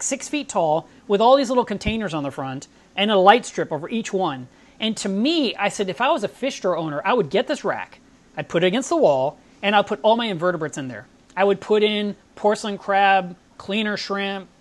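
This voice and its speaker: A woman hosting a live stream, chatting casually and telling stories with enthusiasm. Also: mid-range voice.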